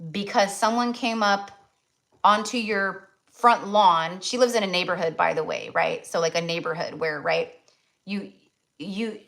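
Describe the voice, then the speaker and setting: Animated woman ranting on a livestream. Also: mid-range voice. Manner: animated, filler-heavy ranting with frequent "like" and swearing. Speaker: tarot reader hosting a livestream. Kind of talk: rambling casual livestream chat. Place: rural home.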